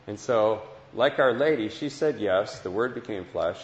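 A man's voice: lowish voice, animated, normal speed. A man preaching a heartfelt Christian sermon and testimony, earnest, often repeating phrases, to listeners in a large hall. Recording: dull lo-fi sound with long hall echo.

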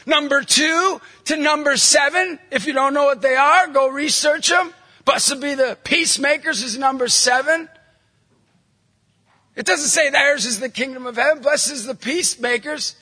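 High, bright, shouting man preaching. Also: normal speed. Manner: punchy, jokey storyteller, bursts into shouting emphasis. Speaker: Catholic evangelist speaker. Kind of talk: energetic preaching talk to a live audience. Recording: long hall reverb from a large venue.

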